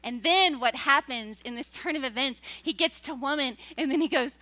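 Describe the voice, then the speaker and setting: A woman in her thirties preaches from a church stage in a bright, high voice, animated and chatty. She breaks into laughing asides and puts on voices for the people she quotes. The sound is close and dry. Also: moderate pace, no echo. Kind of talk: sermon.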